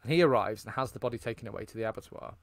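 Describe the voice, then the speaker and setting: A man talks casually about a film, rambling and enthusiastic. His voice sits at a middle pitch. The sound is dry and close, with no room around it. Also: racing, no room sound. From Britain. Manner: rambling, enthusiastic, lots of fillers and restarts. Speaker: podcast co-host.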